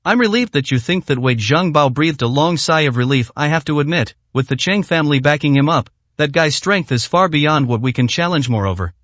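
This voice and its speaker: A man reading a story aloud in a steady, even scripted narration. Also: fairly high pitch, no echo.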